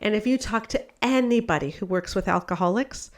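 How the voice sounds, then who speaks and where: A woman's voice: mid-range voice, brisk. A woman hosting a podcast, giving earnest critical commentary on marriage advice. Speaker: podcast host. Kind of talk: casual podcast discussion.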